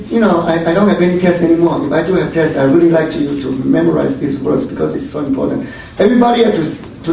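A man's voice: high-pitched, mellow. Man preaching in a very echoey room. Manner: tags questions with "huh?" and "yeah?", repeats words. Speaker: church teacher. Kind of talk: Bible study sermon. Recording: very echoey room, distant mic, faint noise.

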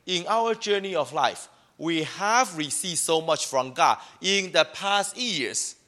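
A male pastor preaching with a lively, bouncing delivery. His voice is bright and forward, and his pitch sits a little above the usual for a man. He acts out the complaints of his listeners as he teaches. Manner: animated, mimics complaining voices. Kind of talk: sermon.

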